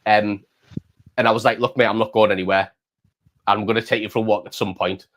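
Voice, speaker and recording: Casting: man in his thirties, lowish voice, rambling casual storyteller. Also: fairly even intonation, a little fast, a bit bright, slight background noise. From England. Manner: rambling, repeats words, says "mate" often. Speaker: channel host.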